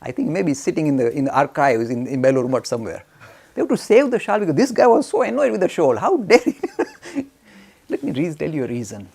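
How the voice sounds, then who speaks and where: A man telling a spiritual story as a lecture. He talks in an animated way, waving his arms, and asks himself questions that he then answers. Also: fairly high pitch, fairly quick, vocal fry, breathy edge. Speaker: spiritual teacher.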